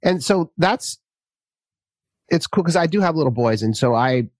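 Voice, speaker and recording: A man hosting a casual conversation, relaxed and chatty, laughing as he tells stories. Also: a little high, moderate pace, no echo. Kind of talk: casual chat.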